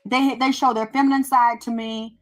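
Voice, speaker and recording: A woman's voice: a little high, normal speed, soft background music, low-quality recording. A middle-aged woman hosting a casual show, talking bluntly and profanely as she tells a story and acts out both sides of a conversation. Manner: blunt, profane, animated storytelling with quoted exchanges. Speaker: show host. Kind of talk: casual monologue.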